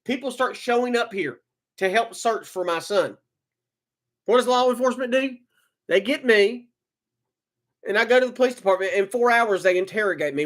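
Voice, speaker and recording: Man, very high pitch, sharp bright tone, agitated emotional monologue, stumbles and repeats. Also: animated, normal speed, pauses often. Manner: agitated, repeats words, swings from shouting to low muttering. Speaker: vlogger telling his own story.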